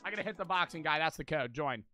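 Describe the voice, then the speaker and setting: A young man streaming a game, chatting in a slangy, excitable way and swearing often. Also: on the high side, fast talker. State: out of breath. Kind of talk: casual gaming commentary. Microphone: headset. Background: game music.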